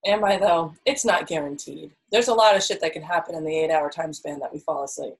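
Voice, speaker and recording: A woman's voice: low-pitched, a little fast, poor audio. A woman chatting casually and answering questions, playful and teasing, rambling with lots of fillers. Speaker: podcast co-host answering questions. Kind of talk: casual chat.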